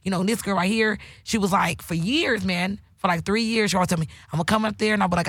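A woman's voice: medium pitch, quick pace, hardly any pauses, fairly bright tone, dry recording, clean studio sound. A woman hosting her own podcast, talking candidly and emotionally, swearing often. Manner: emotional, preachy, heavy swearing. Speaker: host. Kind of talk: candid casual podcast talk.

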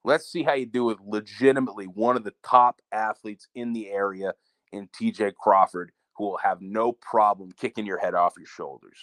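Low-voiced wrestling co-host, heated. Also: male voice, fairly even intonation, normal speed, a bit bright, no room sound. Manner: candid and heated, swears. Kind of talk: casual podcast chat.

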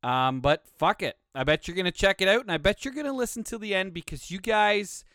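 A young man rambles through a solo podcast, cursing freely and poking fun at himself. His pitch sits a little high and his voice comes through smooth and clear. He sounds slightly out of breath, in a dry, close room. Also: lively intonation, fairly quick, fairly bright tone, no echo. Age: young adult. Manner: casual, profane, rambling, self-mocking. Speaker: podcast host. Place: home studio room.

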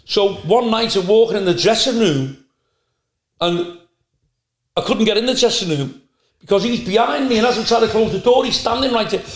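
A male stand-up comedian telling profane, animated anecdotes in a casual podcast chat. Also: sits high, moderate pace. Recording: roomy echo.

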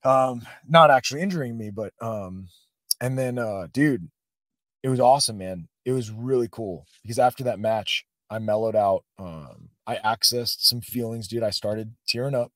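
A man's voice: medium pitch, moderate pace, fairly bright tone, dry recording. A man, a podcast guest and former soldier, telling stories in a casual, emotional way, full of "bro" and "man". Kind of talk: casual storytelling.

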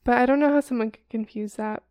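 A woman's voice: a little high, fairly even intonation, fast talker, a little mellow. A woman co-hosting a casual podcast, giggling often as she reads reviews aloud. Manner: giggly, laughs between lines. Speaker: podcast co-host.

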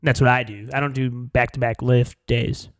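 A man's voice: medium pitch, fairly even intonation, normal speed. A young man co-hosting a podcast, chatting casually and calling his friend dude. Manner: laid-back, calls his friend dude. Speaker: podcast co-host. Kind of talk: casual chat.

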